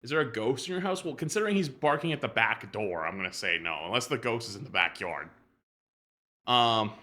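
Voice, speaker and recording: Casting: male streamer, bright forceful tone, rambling casual chat, casual swearing. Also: medium pitch.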